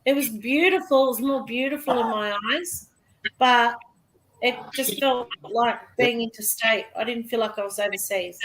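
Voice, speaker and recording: A woman's voice: fairly high pitch, normal speed, fairly bright tone, slight background noise, rough recording. A woman chatting on a video call, friendly and talkative. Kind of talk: casual chat.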